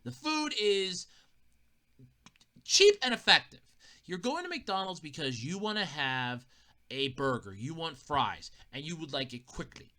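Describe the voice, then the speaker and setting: A woman hosting a podcast, talking casually with sarcastic, animated humor and frequent laughs. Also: sits low, a little slow. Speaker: podcast host. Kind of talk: casual comedic podcast monologue.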